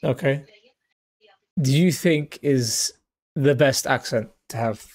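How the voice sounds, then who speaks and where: A man hosting a casual livestream chat, excitable and repetitive, often laughing and calling his friend bro. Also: medium pitch, slow. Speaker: livestream host.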